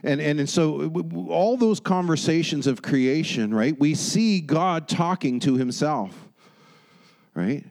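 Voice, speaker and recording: A male pastor preaches a lively sermon with a somewhat high voice. He speaks emphatically and keeps drawing the congregation in with quick "right?" and "amen?" asides. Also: gravelly, rough recording.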